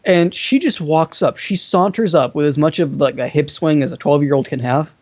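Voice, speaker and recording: A young man co-hosting a podcast, telling a childhood story in a lively, laughing, profane way. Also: on the high side, normal speed. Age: young adult. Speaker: podcast co-host. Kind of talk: casual storytelling chat. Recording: dull lo-fi audio.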